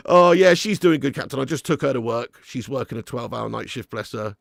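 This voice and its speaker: A man's voice: mid-range voice, lively intonation, a little fast, vocal fry, few pauses, dry recording, clean studio sound. A man hosting a live football watch-along, chatting and bantering with viewers. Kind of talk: live casual match commentary and chat.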